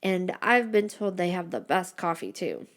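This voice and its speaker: A woman's voice: lowish voice, sing-song, normal speed. A woman voicing a friendly young male werewolf who explains things in an easygoing way. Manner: easygoing, cheerful.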